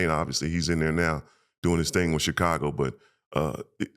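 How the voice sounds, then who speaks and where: A man, a former pro basketball player, telling emotional, animated stories as a podcast guest and acting out quoted voices. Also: rumbling low, fairly quick. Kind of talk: casual storytelling interview.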